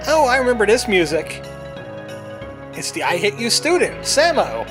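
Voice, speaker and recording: Chatty high-voiced man playing a game. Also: very animated, moderate pace. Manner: chatty, jokey, puts on a cowboy voice. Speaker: let's play host. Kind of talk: casual gameplay commentary. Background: faint game music.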